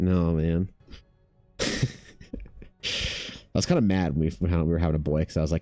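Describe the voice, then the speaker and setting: A man in his thirties chatting casually while streaming his art, laid-back, swearing freely and mimicking people in a higher voice. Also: normal speed, mellow, no room sound, studio quality, faint music behind. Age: 30s. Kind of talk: casual chat with chat.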